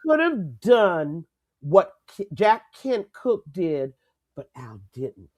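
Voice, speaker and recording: An older woman co-hosting a casual sports talk show, lively and emphatic, laughing easily. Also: fairly low pitch, slow pace. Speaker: co-host.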